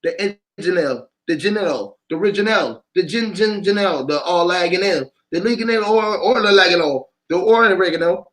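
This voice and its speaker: A man's voice: high voice, fairly quick, hardly any pauses, a bit bright. A man delivering a rambling freestyle monologue, chanting and repeating words in a loose stream of wordplay. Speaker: vlogger.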